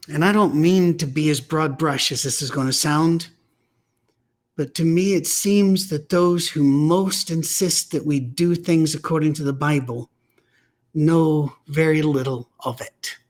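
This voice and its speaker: A man's voice: fairly high pitch, measured pace. A man giving a weekly preaching message, telling stories in a blunt, emphatic, conversational way. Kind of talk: weekly message on church teaching.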